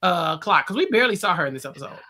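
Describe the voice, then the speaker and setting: A young man hosting a casual recap chat, relaxed and halting, with restarts and fillers. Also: sits high. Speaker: podcast host.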